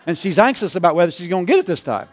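A man's voice: high-pitched, very animated, racing, a faint crowd. A male pastor preaching a sermon, often chuckling and calling out to the congregation. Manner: chuckling, call-and-response.

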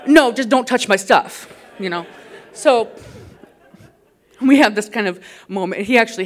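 A middle-aged woman recounts a family story in a relaxed, chatty testimony style. She is lively and laughs as she goes, and her voice climbs and grows loud whenever she quotes herself. Her pitch sits in an everyday middle range. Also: normal speed, pauses often. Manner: animated, laughing, rising loud when quoting herself. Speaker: mother telling a testimony.

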